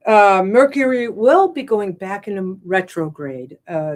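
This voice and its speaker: A woman hosting her own show in casual chat, rambling with fillers and wry jokes she quickly apologizes for. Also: fairly low pitch, a little mellow. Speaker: show host.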